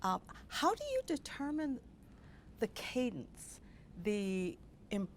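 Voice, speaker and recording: A woman's voice: mid-range voice, big pitch swings, slow pace, slight background noise. A woman interviewer asking a question, searching for words with small restarts. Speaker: interviewer, graduate school dean.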